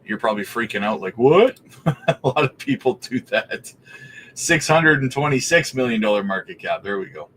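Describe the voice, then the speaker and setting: A mid-range male voice at a moderate pace, with slight background noise. He's a Canadian host of an easygoing crypto livestream, reading out questions from viewers and talking through his thoughts as he searches.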